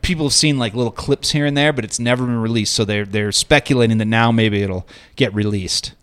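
A man's voice: medium pitch, brisk, a bit bright, smooth. A man hosting a casual podcast, rambling and profane as he voices strong opinions. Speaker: podcast host. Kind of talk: casual chat.

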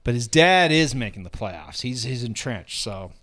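A man's voice: medium pitch, very animated, moderate pace, fairly bright tone. A man co-hosting a casual sports podcast, telling rambling, profane stories with lots of restarts. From Denver area. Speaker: podcast co-host. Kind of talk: casual chat.

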